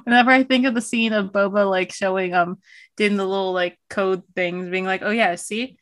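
A woman's voice: medium pitch, fairly even intonation, a little fast, a bit bright. A woman in casual fan chat, giggly and full of fillers as she retells scenes. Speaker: podcast co-host.

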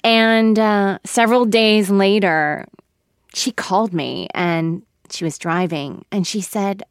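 A woman actor in her thirties being interviewed on radio, thoughtful and halting with soft laughs, close to tears. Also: mid-range voice, dry recording. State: emotional, near tears.

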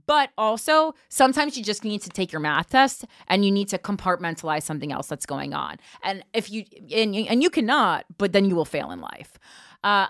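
A woman's voice: on the low side, dry recording. A woman podcast host reading a news article aloud and breaking off for blunt, profane asides, on a close mic. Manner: blunt, profane asides between read passages.

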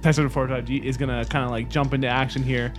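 A man's voice: medium pitch, little pitch movement, fast, over music. A man playing a tabletop game, describing his character's moves in a bemused way. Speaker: player.

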